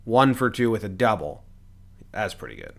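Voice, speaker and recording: A man's voice: fairly low pitch, very animated, normal speed, vocal fry. A man hosting a casual baseball podcast, reading chat questions and stats with dry jokes. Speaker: host.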